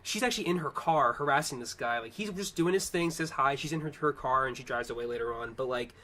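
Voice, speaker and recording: A man's voice: mid-range voice, fast talker, bright, forceful tone. A man co-hosting a podcast, telling stories in a heated, profane way. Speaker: podcast co-host. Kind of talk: casual opinionated chat.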